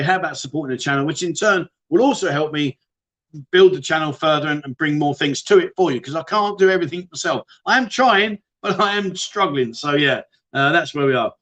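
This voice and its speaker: A British man hosting a casual livestream chat, reading viewer questions aloud and answering them one by one. His voice sits high for a man, and he talks in a chatty, matey way, calling his viewers "mate". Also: a bit bright. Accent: British English. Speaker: livestream host.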